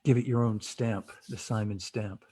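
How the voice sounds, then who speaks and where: A man with a dark, mellow voice hosts a relaxed chat over a video call. He tells stories in a loose, rambling way, restarts his sentences often, and laughs along the way. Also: fairly low pitch, normal speed. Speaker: host.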